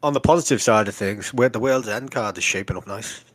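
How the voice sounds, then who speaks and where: A man's voice: on the low side, a little fast, fairly bright tone, no echo, studio quality. A man co-hosting a casual wrestling podcast, blunt and ranting, swearing a lot. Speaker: podcast co-host.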